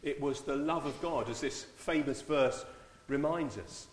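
A man leading a church service in an informal, halting way, often repeating his words. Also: on the high side, slight background noise. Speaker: church leader. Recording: echoey church hall, far mic.

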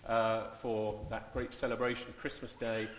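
A man leading a church service in an informal, halting way, often repeating his words. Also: on the low side, flat delivery, a little hiss or hum. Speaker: church leader. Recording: echoey church hall, far mic.

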